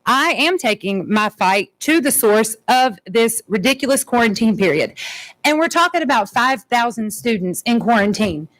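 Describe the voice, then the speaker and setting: A woman's voice: fairly high pitch, expressive, moderate pace, fairly bright tone, rough recording. A woman speaking as a parent in public comment at a board meeting, firm and pointed, using rhetorical questions. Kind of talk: unscripted public comment speech.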